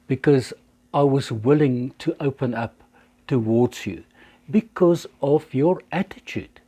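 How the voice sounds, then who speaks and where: A man in his sixties gives a measured teaching talk, now and then playing both sides of a conversation to make his point. His voice is soft and mellow, slightly husky, and he takes his time. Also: mid-range voice. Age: 60s. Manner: illustrates with acted examples. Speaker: life coach.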